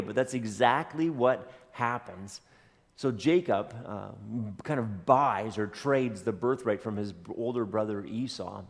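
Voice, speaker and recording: A man preaching a sermon as a pastor, telling a story in a conversational way with dry jokes. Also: medium pitch. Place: church sanctuary. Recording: long hall reverb.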